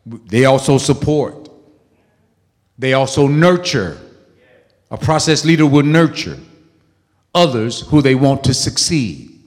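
A man preaching a sermon as pastor, emphatic and call-and-response, with sudden loud peaks. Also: medium pitch, lively intonation, slow, pauses often, big-room sound.

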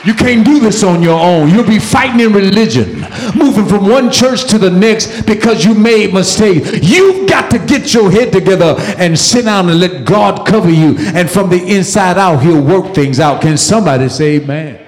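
A man preaching a sermon with fiery call-and-response delivery that rises to shouts. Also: high-pitched, lively intonation, moderate pace, few pauses, reverberant, big-room sound.

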